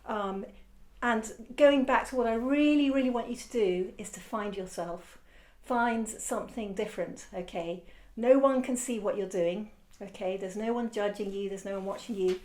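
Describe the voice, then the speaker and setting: A woman's voice: mid-range voice, moderate pace, hardly any pauses, a little mellow. A woman art teacher giving a casual, rambling demonstration lesson, encouraging and often correcting herself.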